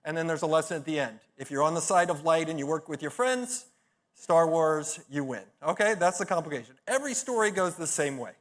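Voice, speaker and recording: A man's voice: on the high side, expressive, fairly quick. A middle-aged man giving a conference talk, telling stories in a punchy, blunt way with profane, self-mocking humor. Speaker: conference speaker.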